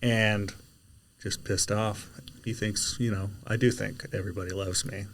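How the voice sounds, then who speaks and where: Lower-pitched man, chatty guest, lively storyteller who belts out quoted dialogue. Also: measured pace. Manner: animated storyteller, shouts out quoted lines. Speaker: podcast guest, delivery driver. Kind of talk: casual storytelling chat.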